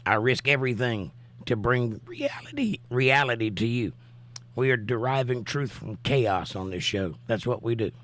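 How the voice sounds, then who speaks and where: A man's voice: medium pitch, animated, moderate pace, fairly bright tone. Chatty man reading out live chat. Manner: chatty, reads viewer comments aloud. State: recovering voice, coughing. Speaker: livestream host. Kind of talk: casual live-chat commentary.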